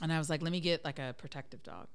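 A woman in her thirties chatting casually, telling profane, animated stories and acting out her cat's meows. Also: deep voice, very fast, clean tone. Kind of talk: casual chat.

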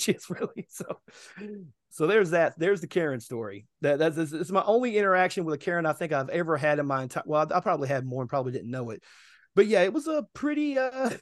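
A man's voice: on the high side, no echo, studio quality. A man in his thirties telling stories casually on a podcast, acting out the voices of people he met. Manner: animated, acts out other people's lines. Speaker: podcast co-host. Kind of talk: casual storytelling.

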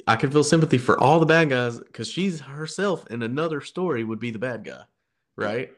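He's a podcast co-host musing about movies with excitement, wandering off and restarting often. His pitch is medium, his pace moderate, and his tone a bit bright.

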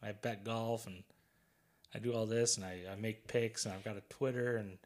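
A man's voice: lowish voice, fairly even intonation, moderate pace, lightly acted. A man putting on a British accent to play a chatty British man who bets on golf as a hobby. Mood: breezy. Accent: British, put on.

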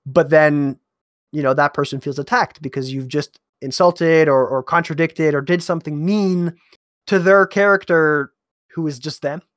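Guy who runs a pirate tabletop game chatting about it, bit high voice, dry room sound. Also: fairly even intonation, moderate pace, a bit bright, no echo. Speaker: game master. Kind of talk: casual conversation.

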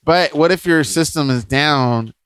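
A man co-hosting a casual podcast, rambling and animated, laughing often. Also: on the high side, a little slow, clean tone. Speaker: podcast co-host.

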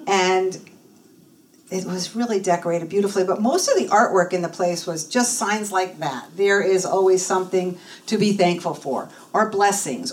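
A woman in her fifties giving a personal testimony at church, telling her story and acting out the voices of people she quotes. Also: mid-range voice. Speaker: church speaker and minister in training. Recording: voice from a distance in a room, faint noise.

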